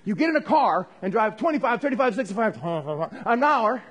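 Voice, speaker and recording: A pastor preaching a sermon in a church, talking conversationally with the congregation and calling for amens. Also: male voice, high-pitched, expressive, moderate pace, fairly bright tone, breathy edge.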